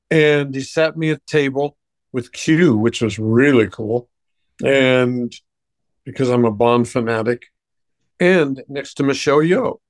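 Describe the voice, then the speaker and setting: A man who works as a voice coach, speaking in a deliberate, reflective way and telling stories during a podcast interview. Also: medium pitch, no echo.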